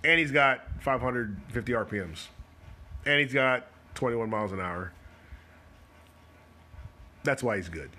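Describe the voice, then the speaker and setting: Guy doing loose joky bowling commentary on a live stream, bright voice. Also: mid-range voice. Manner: chatty and joking, talks fast in spurts. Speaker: host of a bowling coaching show. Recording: live stream with faint noise.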